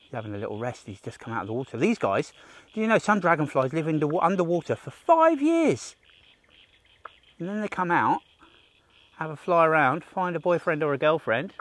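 A man's voice: fairly high pitch, sing-song, moderate pace, pauses often, fairly bright tone. Man, kids' nature educator, outdoor bush walk, enthusiastic, talks to the viewer. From Australia. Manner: enthusiastic, talks to the viewer, jokes and gasps at finds. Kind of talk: livestreamed nature walk for kids.

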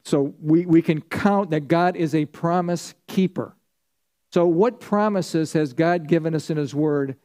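Mellow-voiced man teaching a Bible study. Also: a little high, unhurried. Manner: conversational teaching, asks the class questions and answers them. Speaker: pastor. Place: church.

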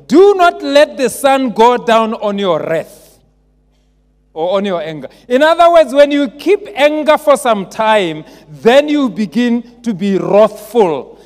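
A man preaching a sermon as pastor, asking the congregation call-and-response questions and rising to emphatic shouts. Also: very high-pitched. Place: large church. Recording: long church reverb.

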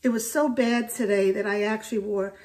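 An older woman chatting to camera in her home kitchen, rambling and lively as she cooks. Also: medium pitch, brisk, recorded from a distance. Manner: chatty, rambling, talks to camera while cooking. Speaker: home cook vlogger. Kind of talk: casual cooking vlog.

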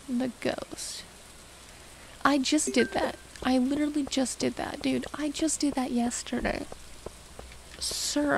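A young woman with a high, gravelly voice rambles through relaxed gameplay commentary at an unhurried pace. She mutters and jokes at herself as she plays, with a steady hiss of noise behind her. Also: low-quality recording. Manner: rambling, self-mocking chatter to herself. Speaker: gaming streamer. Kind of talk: casual let's-play commentary.

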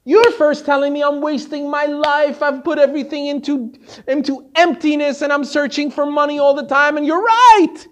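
A man voicing a remorseful businessman who pleads loudly and exasperatedly with his teacher. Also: extremely high pitch, fairly even intonation, normal speed, voice pushed up. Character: remorseful middle-aged businessman, pleading and bewildered.

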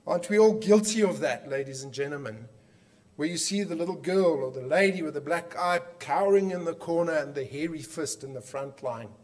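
A man's voice: fairly high pitch, expressive, a little mellow. Impassioned South African man speaking. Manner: emphatic, with rhetorical questions and dramatic pauses. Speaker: conference speaker. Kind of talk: impassioned public speech.

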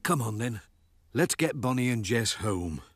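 An actor playing a kindly cartoon postman and father who is tired and coming down with a cold, speaking gently with a cough, over music. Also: medium pitch, lively intonation, a little slow, lightly acted. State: getting a cold.

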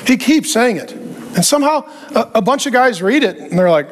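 A man preaching a sermon as a pastor, animated and joking, and acting out the voices he quotes. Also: extremely high pitch, normal speed.

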